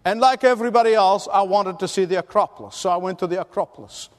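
A man's voice: high voice, fast. A man preaching a sermon, telling a story and driving it home with emphatic rhetorical questions. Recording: long hall reverb.

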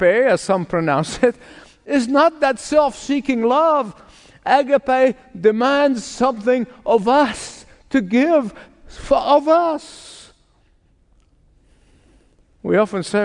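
A male pastor delivering a sermon with a fairly high voice, driving his points home through repetition and calls to the congregation. The sound carries the long reverb of a church sanctuary. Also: lively intonation, takes it slowly, long pauses.

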